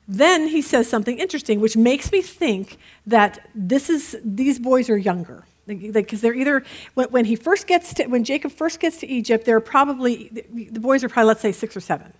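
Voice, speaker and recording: A middle-aged woman with a slightly high voice teaches a Bible study class. She talks casually and warmly to her group, mixing in a joke now and then before reading the next verses aloud. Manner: chatty, tells jokes, reads scripture aloud.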